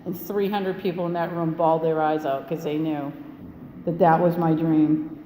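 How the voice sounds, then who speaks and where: A woman's voice: sits low, steady tone, moderate pace, mellow. A woman around sixty tells her recovery story to a live audience, blunt and profane, laughing between lines. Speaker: recovery meeting speaker. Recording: echoey hall with long reverb, faint room hum.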